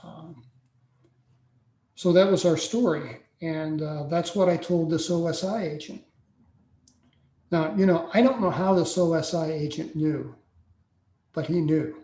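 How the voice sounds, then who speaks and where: A man in his sixties, a podcast guest telling a personal story slowly and deliberately, with frequent pauses. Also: on the high side, warm tone. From United States. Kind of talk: personal account in a podcast interview. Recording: echoey room sound.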